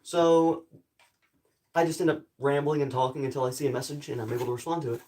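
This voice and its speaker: A young man talks to his live stream viewers in a loose, rambling way, apologizing often. His voice sits a little high for a man yet carries a groggy morning roughness. A faint hiss of background noise stays under his speech. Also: fast talker, a little mellow. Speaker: livestreamer. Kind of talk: casual live stream chat. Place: home in a rural area.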